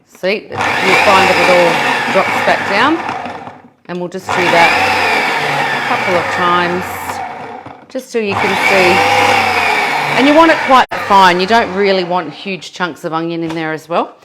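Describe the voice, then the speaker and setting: A woman's voice: on the low side, fairly bright tone. A woman with an Australian accent leading a live cooking demonstration in a kitchen, chatty and self-deprecating. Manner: chatty and self-deprecating, laughs at her own mess. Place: home kitchen.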